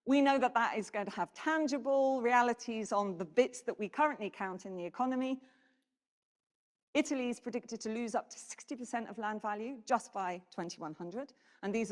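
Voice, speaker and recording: A woman giving a conference presentation, animated and putting questions to the audience. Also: medium pitch. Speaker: keynote speaker. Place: conference hall. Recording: reverberant hall.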